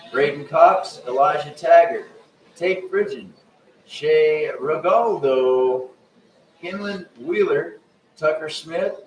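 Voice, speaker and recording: A man announcing a race, reading rider names and places one by one in a roll-call delivery. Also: a little high. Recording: echoey, distant, faint background noise.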